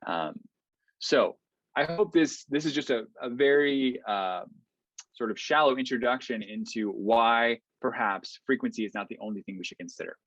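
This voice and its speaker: A man giving an online academic lecture in a relaxed, explanatory way, with frequent ums and okays. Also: mid-range voice, normal speed, dry recording. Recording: dull, slightly lo-fi online lecture audio.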